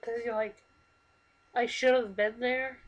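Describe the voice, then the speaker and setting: A woman in her twenties speaking to her camera in a halting, earnest, emotional way, telling a personal story. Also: fairly high pitch, steady tone, poor audio. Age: 20s. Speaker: vlogger. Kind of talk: confessional personal talk to camera. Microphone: computer microphone.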